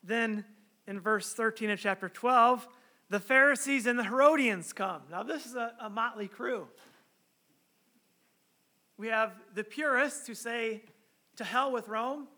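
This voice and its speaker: A male pastor delivers a sermon with a fairly high voice. His tone is bright and forward as he reads scripture and prays, then explains the text in an earnest, conversational way, with rhetorical questions to his listeners. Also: measured pace. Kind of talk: sermon with scripture reading and prayer.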